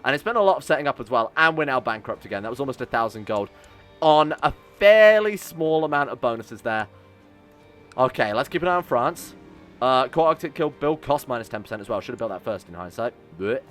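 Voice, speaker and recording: A man talking through a strategy game in a sarcastic, swearing commentary. His voice sits at an ordinary middle pitch. Faint music plays under him. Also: expressive, fairly quick, a bit bright. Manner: sarcastic, swearing, reads event text aloud. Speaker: let's-play host.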